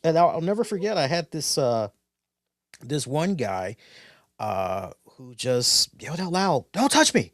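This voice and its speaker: A man's voice: fairly high pitch, big pitch swings, measured pace, no echo, studio quality. A man co-hosting a casual talk show, rambling through stories with lots of restarts and "you know"s. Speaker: co-host. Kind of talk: casual podcast chat.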